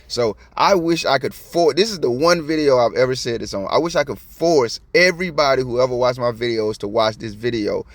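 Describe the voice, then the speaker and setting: A man from Georgia with a Southern accent, giving slangy, preachy video commentary that swings from soft to loud. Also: medium pitch, brisk, few pauses, dry recording. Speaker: copwatch commentator.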